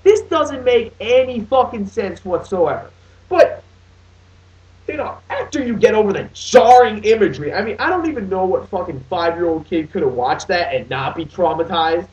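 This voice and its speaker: With a high-sitting, expressive and slightly mellow voice, a young adult man in his late teens rants in a casual movie review at a moderate pace. He swears a lot, sounds exasperated, and keeps restarting his sentences as he rambles. The audio is dull and lo-fi, picked up far from the mic.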